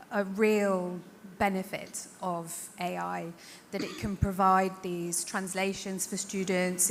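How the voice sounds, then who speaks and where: A woman with a northern English accent, speaking earnestly and thoughtfully as a panelist at a conference. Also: mid-range voice. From north of England. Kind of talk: panel discussion. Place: conference hall. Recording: reverberant hall, faint hiss.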